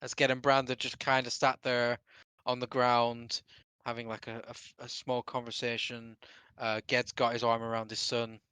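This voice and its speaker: Male game master, rambling casual narration, bright tone. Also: mid-range voice, monotone, normal speed, clean tone, no room sound. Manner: loose, rambling narration with fillers and laughter.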